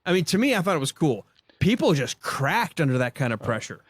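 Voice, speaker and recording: A man's voice: a little high, very animated, fairly quick, no echo. Profane storytelling man, dry close sound. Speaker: podcast host. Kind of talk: casual chat.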